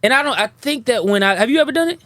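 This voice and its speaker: Man, casual host, animated, jumps up into a high voice for quotes, lively talk, dry close sound. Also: rapid-fire, no room sound. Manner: animated, laughing, acts out quoted lines in a high voice. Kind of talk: casual chat.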